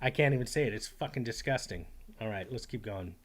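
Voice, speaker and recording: A man's voice: fairly low pitch, fairly quick, heavy background noise. A man streaming live, reacting to clips with rambling, profane commentary and reading chat aloud.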